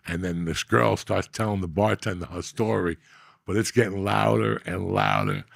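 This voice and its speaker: Male podcast host, gravelly and rough, dry close sound, profane and animated storyteller. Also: lowish voice, moderate pace, dry recording. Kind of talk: casual storytelling.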